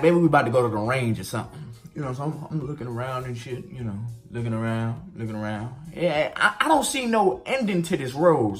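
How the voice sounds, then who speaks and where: A man casually telling a story to his viewers, animated and profane. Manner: animated, profane, swings pitch widely for emphasis.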